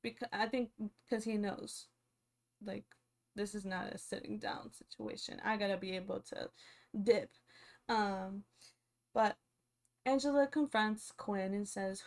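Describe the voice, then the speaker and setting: A young woman giving casual, animated commentary as a reality show vlogger, chatty and full of fillers. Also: medium pitch, unhurried, long pauses.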